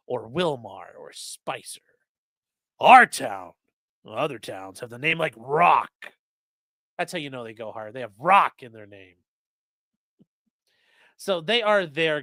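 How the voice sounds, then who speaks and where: Co-hosting a livestream, a man with a mid-range voice reads sponsor spots in a rambling, sarcastic way, aiming deadpan jokes straight at the chat. The recording is studio quality with no room sound.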